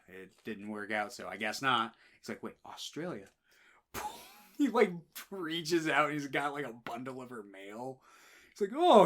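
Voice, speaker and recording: Man, podcast co-host, lively pitch, loose swearing film chat, acts out scenes. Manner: animated, swearing, retells scenes in quoted voices. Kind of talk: casual film discussion.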